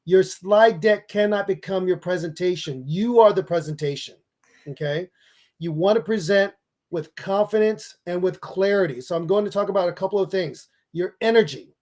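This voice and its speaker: A man who is a public speaking expert and author, giving emphatic, energetic advice in an interview. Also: high voice, normal speed. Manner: energetic, emphatic coaching delivery.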